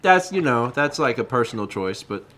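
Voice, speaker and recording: A man chatting casually as co-host of a game stream, animated and thinking aloud as he reacts to the game. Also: mid-range voice, a little fast. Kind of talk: casual gameplay commentary. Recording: music playing behind the voice. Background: game music.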